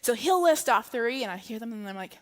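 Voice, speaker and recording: A woman's voice: fairly high pitch, animated, a little fast. A woman preaching a sermon at a live church service in a chatty, humorous way. She keeps checking in with her listeners with "okay?" and "right?". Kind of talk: conversational sermon. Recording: echoey hall reverb.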